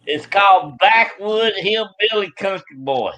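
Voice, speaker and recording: A man's voice: high-pitched, lively intonation, measured pace, bright, forceful tone. A man from North Carolina with a Southern accent, co-hosting a casual live-stream chat and joking around. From Jonesville, North Carolina. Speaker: co-host.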